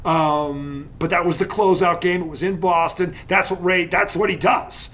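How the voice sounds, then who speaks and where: A man's voice: sits high, fairly even intonation, normal speed, a bit bright. A man hosting a casual sports talk show, arguing his points with emphasis and repetition. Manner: emphatic, repeats points for stress.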